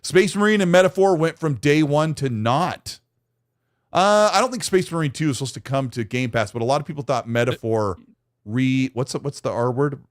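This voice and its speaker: A man's voice: mid-range voice, animated, normal speed, no echo, studio quality. A man hosting a casual gaming podcast, reading out super chats and chatting with co-hosts, laughing easily.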